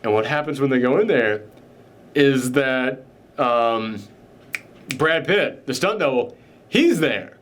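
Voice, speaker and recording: A man's voice: medium pitch, lively intonation, slow pace, pauses often. A man giving a casual, candid, opinionated film review. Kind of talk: casual movie review chat.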